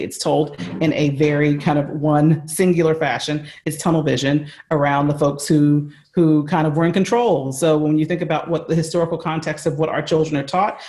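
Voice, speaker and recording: A woman's voice: sits low, darkish tone, echoey room. An American woman, a leadership coach, giving earnest, emphatic answers with examples on a video call. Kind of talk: conversational interview answer.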